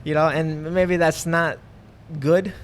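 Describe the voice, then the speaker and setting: A man's voice: on the high side, fairly even intonation, slow pace. Young adult male, casual podcast guest, rambling delivery with lots of fillers, light noise bed. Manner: rambling, many fillers and restarts. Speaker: guest, professional MMA fighter.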